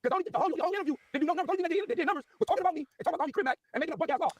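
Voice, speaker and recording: A man ranting casually in heavy slang, repeating himself as he talks fast through a story. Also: very high voice, dry recording. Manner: rapid, slangy, repetitive. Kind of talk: casual rant.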